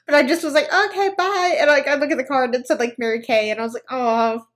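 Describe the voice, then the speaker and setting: A woman's voice: high-pitched, rapid-fire. A woman giving casual, sarcastic commentary, reacting to clips and animatedly acting out people in a story. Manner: sarcastic, reacting with groans and laughter; animated, acts out other people's lines in story. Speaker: anti-MLM commentary YouTuber.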